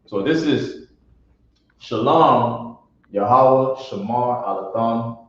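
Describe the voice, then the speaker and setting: A man's voice: medium pitch, takes it slowly. A man teaching a classroom lesson on pronunciation, sounding out syllables one by one in a blunt, informal way. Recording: echoey room from far off, dull lo-fi.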